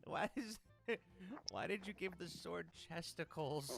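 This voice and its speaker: A man reading web comics aloud and reacting with giggly, animated commentary. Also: sits high, slow, gravelly, music in the background. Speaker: comic reader.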